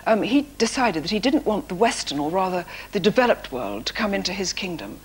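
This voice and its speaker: A woman, a talk-show guest, telling animated, self-mocking anecdotes in a TV studio. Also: medium pitch, a little fast, slightly rough. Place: TV studio before an audience.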